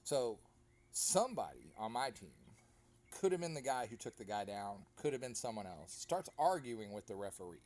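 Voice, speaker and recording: Man, goalkeeper recapping a match, casual storytelling, lively rising and falling pitch. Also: moderate pace. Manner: animated storytelling, acts out other players. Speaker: amateur soccer goalkeeper.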